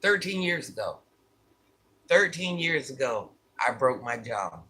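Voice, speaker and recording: A man's voice: mid-range voice, big pitch swings, measured pace, bright, forceful tone, slightly rough. A man vlogging, casually telling his viewers a personal story, candid and repeating phrases for emphasis.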